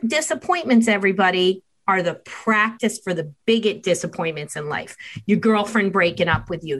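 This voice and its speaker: A woman's voice: medium pitch, rough recording. A woman in her fifties, a parenting expert guest, chatting and telling stories animatedly, acting out bits of dialogue. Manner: animated, acts out dialogue in shifting voices. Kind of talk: casual storytelling chat.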